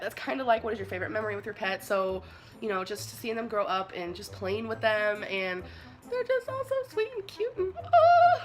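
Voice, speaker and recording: A woman's voice: medium pitch, bright, forceful tone. A young woman vlogger chatting casually to camera, gushing and rambling about her pets with lots of fillers. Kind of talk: casual pet tag chat to camera. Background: background music.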